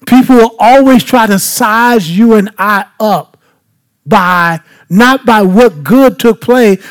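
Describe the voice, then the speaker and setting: A male pastor with a notably high-pitched voice works through scripture at an unhurried, deliberate pace. He keeps asking the congregation to fill in the answer and repeats phrases for emphasis. It is the steady teaching voice of a sermon. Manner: asks the congregation rhetorical questions to fill in.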